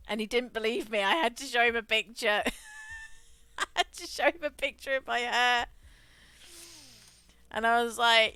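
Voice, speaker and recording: Chatty woman with a bright voice. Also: on the high side, wildly swooping pitch, unhurried, pauses often, clear, resonant tone, dry recording, faint music behind. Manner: chatty and rambling, laughs often. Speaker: streamer. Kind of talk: casual chat while gaming.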